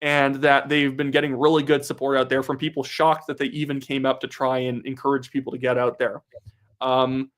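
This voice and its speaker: A man's voice: mid-range voice, flat delivery, a little fast, fairly bright tone. A young man from Canada hosting a casual live stream, chatting and reading out viewer comments. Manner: reads viewer comments aloud, chatty and upbeat. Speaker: livestream host.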